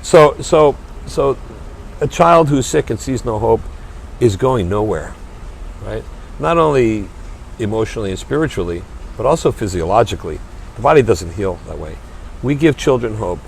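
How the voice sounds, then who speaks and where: A man's voice: lowish voice, lively intonation, moderate pace, vocal fry, a little hiss or hum. A man being interviewed as a guest, talking earnestly and emphatically, often repeating his first words as he starts a sentence. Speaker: restaurant owner and charity chairman, guest. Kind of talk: passionate interview talk.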